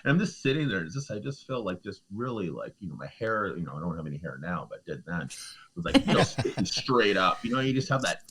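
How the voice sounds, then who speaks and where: Low-voiced man telling a story casually. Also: fast, slight background noise. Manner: animated, acts out what people said, heavy use of "like" and "you know"; swears freely. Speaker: true crime podcast host telling a personal story as a guest.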